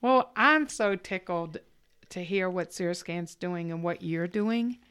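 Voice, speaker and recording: A woman's voice: lowish voice, a little slow, smooth. A woman co-hosting a podcast, effusive and chatty, with frequent laughter. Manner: effusive, animated, laughs often. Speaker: podcast co-host. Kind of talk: casual chat.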